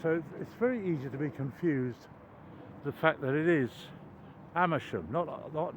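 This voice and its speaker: A man's voice: a little high, normal speed, dull audio, a little hiss or hum. Older Englishman rambling on a walk. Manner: meandering, self-deprecating, many ums and restarts. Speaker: vlogger. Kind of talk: rambling anecdotal chat while walking. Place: outdoors in a wooded cricket ground.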